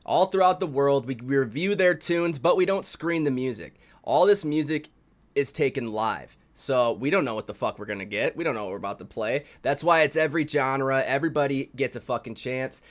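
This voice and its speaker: Foul-mouthed loud music show host. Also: male voice, a little fast. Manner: loud, swearing, drops to low mutters, yells outbursts. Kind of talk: crude, profane live-stream banter.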